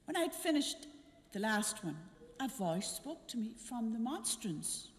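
Older woman, nun, story-style mission talk, lively pitch, long church reverb. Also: a little slow. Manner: animated, acts out dialogue in her story.

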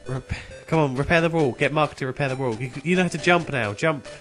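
A man's voice: mid-range voice, quick pace, a bit bright, soft background music. A man co-commentating on a game, chatty and teasing. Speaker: let's play co-commentator. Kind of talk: casual gameplay commentary.

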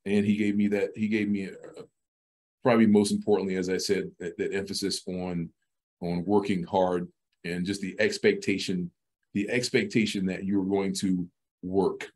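Man, middle-aged, podcast guest, low voice, halting, repeats words. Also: level tone, a little mellow. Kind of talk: casual interview talk.

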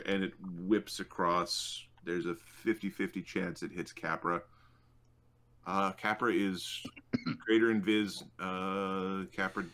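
A man running a tabletop game as game master, unhurried and thinking aloud with many fillers. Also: deep voice, fairly bright tone.

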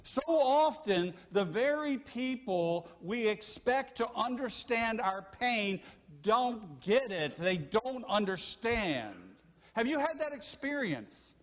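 With an extremely high pitch and a slow delivery, an older pastor preaches in a church sanctuary. The long hall reverb surrounds his animated stories and the questions he poses to his congregation.

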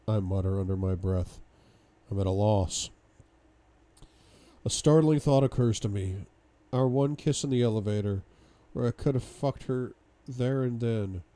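A man reads a novel aloud in a deep, very dark and mellow voice, lending the first-person lines dramatic bursts of force. The recording is dry and close, with no room sound. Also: measured pace, no room sound. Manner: dramatic first-person reading with sudden outbursts. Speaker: book club reader.

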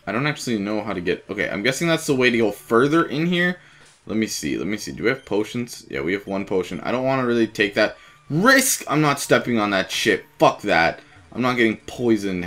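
A man's voice: on the low side, a bit bright. Profane young man commenting on gameplay. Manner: profane, chatty, easily frustrated. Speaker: let's play gamer.

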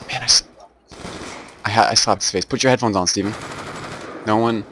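A young man with a Southern American accent, excitably trash-talking and teasing his friends while gaming. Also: on the low side, moderate pace, long pauses. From Southern United States. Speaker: gamer. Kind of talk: casual gaming commentary. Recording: game gunfire noise behind voice. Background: loud gunfire and explosions from the game.

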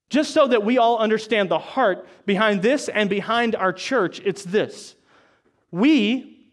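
Pastor guy with a high voice, preaching in church, chatty asides between verses. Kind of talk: sermon. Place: church service.

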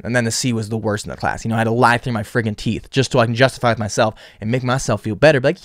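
A man's voice: medium pitch, fairly even intonation, very fast, few pauses, dry recording, studio quality. A man hosting a solo podcast, rambling with frequent restarts and repeated words. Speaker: podcast host.

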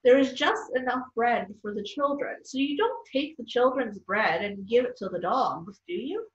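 A woman voicing a tired man who speaks quietly and slowly. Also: a little high, animated, natural voice. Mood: weary. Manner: soft, weary, measured. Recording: distant, roomy, dull sound.

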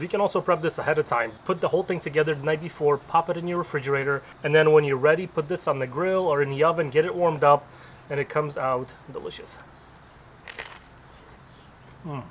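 A man's voice: a little high, a little hiss or hum. A man hosting a casual cooking demonstration outdoors at a backyard grill, upbeat and chatty as he explains each step. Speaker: cooking channel host.

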